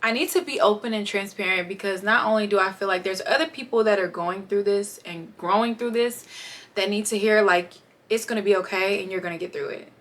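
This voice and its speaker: A young woman vlogger sits down for a candid, chatty life update, talking straight to her viewers. Her voice is medium-pitched, a bit bright, and brisk.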